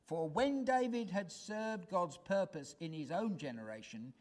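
Male preacher, sermon, high voice, slow unhurried delivery, emphatic, rhetorical questions. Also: animated.

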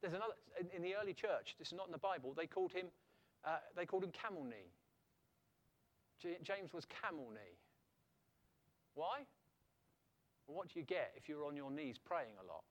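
A middle-aged man preaching a sermon in an animated way, throwing rhetorical questions back at his listeners. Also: a little high, moderate pace, pauses often.

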